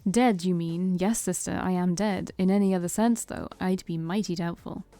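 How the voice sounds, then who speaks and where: A woman's voice: lowish voice, steady tone, mellow, dry recording, soft background music, close to an everyday voice. Brief: woman reading a knowing vampire mentor, theatrical, dry close sound. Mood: smug. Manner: slow, knowing, preacher-like. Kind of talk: reading a visual novel aloud.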